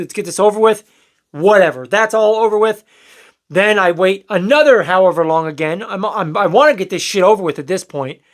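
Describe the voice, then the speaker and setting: High-pitched and fairly bright, a young man's voice carries a rambling, candid personal story told to camera. As a storytelling vlogger, he swears occasionally and acts out what others said.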